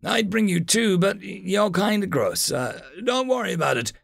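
A man's voice: high voice, lively intonation, moderate pace, gravelly, fairly bright tone, no room sound, studio quality, voice pushed up, exaggerated voice. A man voicing a smug, easygoing male human god with a laid-back sarcastic drawl. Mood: mocking.

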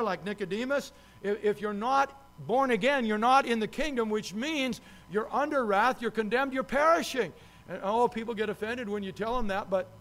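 A man with a fairly high voice delivers a sermon as a pastor. He preaches with emphasis, hammering key words and repeating phrases. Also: a bit bright.

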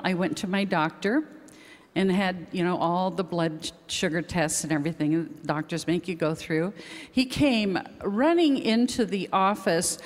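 An older woman giving a chatty, rambling testimony on stage, laughing easily. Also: mid-range voice. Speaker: guest speaker. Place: large hall with audience. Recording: reverberant hall with crowd.

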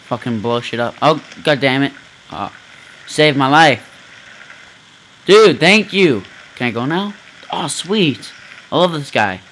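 A man giving loud, profane let's play commentary from home, often yelling as he reacts to the game. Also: medium pitch, animated, slow, pauses often, slight background noise, poor audio. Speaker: gamer.

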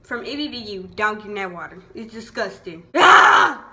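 A woman's voice: mid-range voice, brisk, pushed and bright. A young woman from Houston with a Southern Houston accent, chatting casually about local slang in a vlog, laughing often and saying "like" a lot. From Houston, Texas. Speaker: vlogger.

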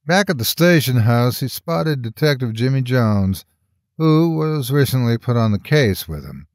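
A man reading a horror story aloud as a scripted narration in a measured storytelling manner, close to the mic. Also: no echo. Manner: measured storytelling with lively pitch swings.

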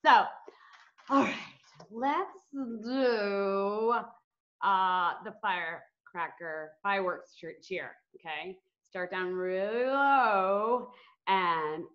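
A woman's voice: mid-range voice, fairly bright tone, lo-fi sound. A woman teacher leading a virtual lesson for young children, bubbly, giggly and chatty. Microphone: video call.

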